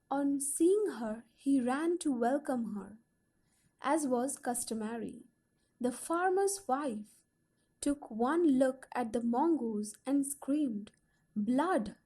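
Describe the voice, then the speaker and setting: A woman reads a textbook story to young learners. Her voice sits high but mellow, and she takes her time over each phrase, lifting the quoted lines with feeling. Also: breathy edge. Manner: slow, careful storytelling with lively quoted voices. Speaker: audiobook reader.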